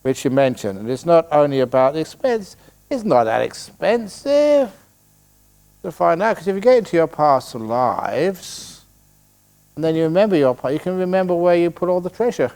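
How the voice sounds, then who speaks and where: Answering questions during a humorous retreat session in a meditation hall, this joking English meditation teacher, an older man, has a fairly high, creaky, somewhat dark voice. He's very animated at a moderate pace, spinning stories and performing the quoted voices himself as a Buddhist teacher.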